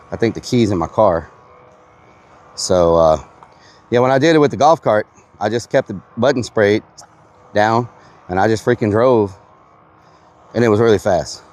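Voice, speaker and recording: A man's voice: on the low side, a little mellow. Breathless man streaming outdoors. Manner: chatty, answers chat, mild exclamations. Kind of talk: casual live-stream chat. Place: outdoors on a windy property.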